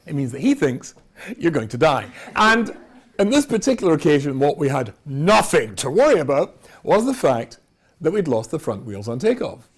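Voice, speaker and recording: A man's voice: on the high side, big pitch swings, moderate pace. A middle-aged man, a rabbi, giving a humorous storytelling talk in a wry, self-mocking way, often laughing at his own jokes.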